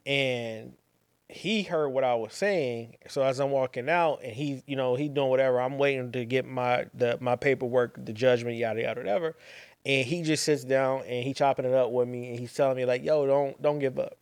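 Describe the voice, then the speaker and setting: A man's voice: medium pitch, moderate pace, no echo. Slangy man telling a story. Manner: rambling, repeats phrases, slangy asides. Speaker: podcast host. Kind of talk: casual storytelling monologue.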